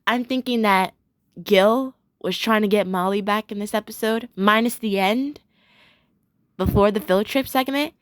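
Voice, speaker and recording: A woman's voice: medium pitch, a little slow, dry recording, clean studio sound. A young woman casually recapping a cartoon episode, rambling with many fillers, giggling and gushing in bursts.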